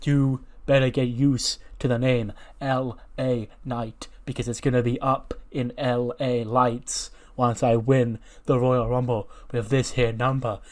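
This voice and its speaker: A swaggering male wrestling star, all bluster and sneer, as a man puts him on while narrating a simulated wrestling show. He talks loud and boastful, mocking whoever is in front of him. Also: mid-range voice, flat delivery, unhurried, few pauses, natural voice.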